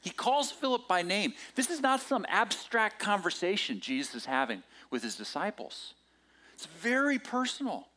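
A male pastor delivering a sermon in a relaxed, conversational tone. His pitch swings widely as he leans into points. He sounds lively and engaged with his listeners. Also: moderate pace. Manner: conversational and animated, acting out quoted lines.

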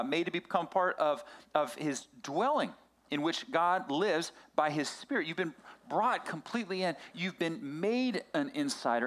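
A middle-aged man preaches as a pastor, telling a personal story full of restarts and asides. His voice is on the high side, with a fairly bright tone.

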